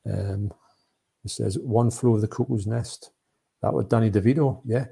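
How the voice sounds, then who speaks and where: A man's voice: on the low side, moderate pace, creaky, warm tone, breathy edge. A man co-hosting a live movie chat, rambling and chatty, reading out viewer comments. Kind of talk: casual live-stream chat.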